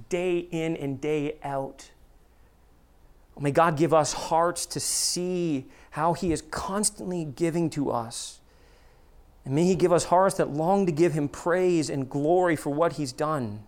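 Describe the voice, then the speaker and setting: Expressive preacher. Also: measured pace. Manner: expressive preaching, acting out quoted voices in a higher pitch; drops to a soft, low voice for earnest appeals. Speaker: pastor. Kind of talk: sermon.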